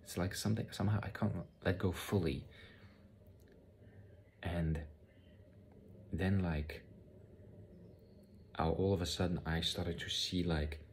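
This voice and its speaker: A man telling a personal spiritual story in a halting way, often repeating words and using many fillers. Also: low-pitched, steady tone, a little hiss or hum. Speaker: spiritual vlogger. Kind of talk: personal testimony monologue.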